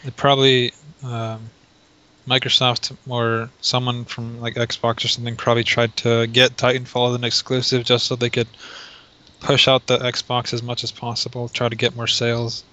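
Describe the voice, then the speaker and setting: Male co-host, flat delivery, bright tense tone, dry laid-back chat. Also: medium pitch, normal speed, lo-fi sound. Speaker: podcast co-host. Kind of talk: casual gaming podcast chat.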